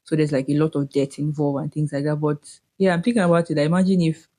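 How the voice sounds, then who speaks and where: A young woman with a Nigerian accent chats as a podcast co-host, laughing readily and slipping into the voices of the people in her stories. Her voice sits fairly low and sounds mellow and soft-edged. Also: quick pace. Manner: laughing, animated storyteller who acts out quotes. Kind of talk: casual chat.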